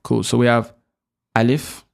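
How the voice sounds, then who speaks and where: A man's voice: medium pitch, steady tone, normal speed, vocal fry, darkish tone. A man, patiently teaching the alphabet and repeating each sound for learners to copy. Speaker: Arabic teacher. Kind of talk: online alphabet lesson.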